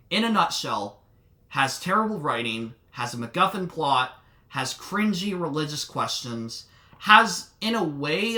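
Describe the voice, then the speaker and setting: A man's voice: on the high side, sharp tone. A man giving a solo film review in an exasperated, sarcastic, ranting manner. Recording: music playing under the voice.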